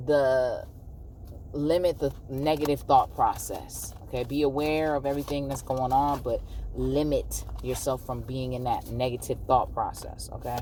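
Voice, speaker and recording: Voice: medium pitch, a little mellow, recorded from a distance, slight background noise. A tarot card reader giving a casual, encouraging pick-a-card reading to viewers, often checking in with "okay?".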